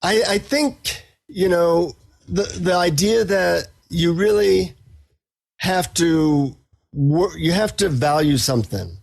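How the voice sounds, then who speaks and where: A middle-aged man talks as a podcast guest, easygoing and self-deprecating. His voice is husky and sits a little high for a man, and he drifts readily into anecdotes. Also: takes it slowly. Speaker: guest author and psychotherapist. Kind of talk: casual interview storytelling.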